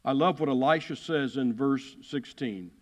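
A man's voice: medium pitch, normal speed. A man preaching a sermon as a pastor, emphatic, repeating key phrases and acting out the quotes he reads. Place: church sanctuary. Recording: long hall reverb.

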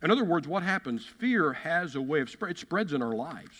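A man's voice: a little high, big pitch swings, normal speed, fairly bright tone. A man preaching a sermon as a pastor, emphatic, repeating key phrases and acting out the quotes he reads. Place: church sanctuary. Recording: long hall reverb.

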